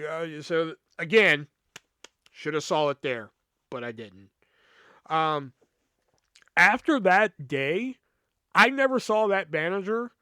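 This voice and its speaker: A man's voice: a little high, bright, forceful tone, clear, resonant tone, dry recording. Profane, rambling male storyteller. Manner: rambling, profane, with filler words and restarts. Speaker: podcast host. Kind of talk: casual storytelling monologue.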